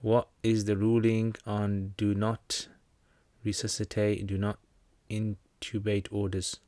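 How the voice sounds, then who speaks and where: A British man hosting a casual livestream Q&A, answering viewers' religious questions in a loose, joking way with plenty of fillers. His voice sits somewhat low. The sound is dry, with no room echo. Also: monotone, takes it slowly, dark tone.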